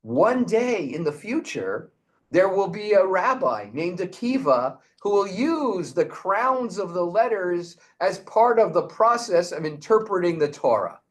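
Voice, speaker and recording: Retold-tale voice: man doing an easygoing, patient God, slow and lilting. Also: high voice, sing-song, pitched above the performer's own voice. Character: calm, unhurried God, male.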